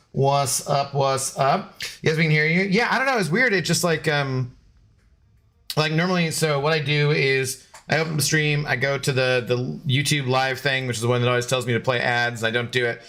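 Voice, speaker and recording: Male game streamer, chatty and scattered, slightly higher voice. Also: normal speed, a bit bright. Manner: chatty and scattered, baby-talking to his dog. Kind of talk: casual live stream chat.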